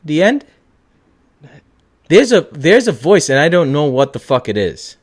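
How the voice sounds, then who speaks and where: A young man hosting a casual chat show, excitable, swearing often and trailing off mid-thought. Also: fairly high pitch, a little slow. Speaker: podcast host.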